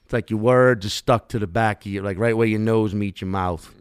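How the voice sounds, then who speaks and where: A man's voice: fairly low pitch, steady tone, fairly quick, clear, resonant tone. Rambling, profane man from New Orleans. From New Orleans area, Louisiana. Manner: rambling, profane, laid-back. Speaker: comedian. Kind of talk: casual podcast chat.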